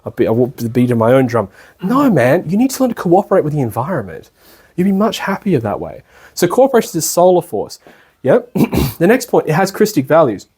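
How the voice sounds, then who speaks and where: An Australian man lecturing in a relaxed, colloquial way, his voice a little husky and pitched slightly high for a man. He keeps checking in with the room and slips into short impressions of people. It sounds like a talk in a retreat lecture room. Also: a little fast. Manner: chatty and colloquial, often checks in with listeners, acts out people he describes. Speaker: spiritual lecturer. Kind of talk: casual spoken lecture.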